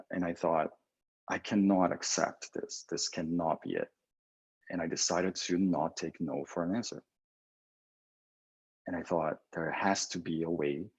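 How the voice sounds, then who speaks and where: A lowish, husky male voice gives a motivational talk, full of restarts and fillers, and keeps breaking into little acted-out exchanges. The recording is muffled and lo-fi. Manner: energetic, acts out both sides of imagined phone calls; halting, with many restarts and fillers. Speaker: agency creative director.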